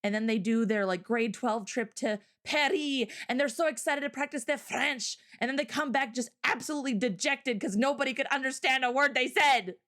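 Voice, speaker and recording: A woman's voice: high-pitched, a little fast, hardly any pauses, fairly bright tone. A Canadian woman in casual chat as a guest, bubbly and laughing often.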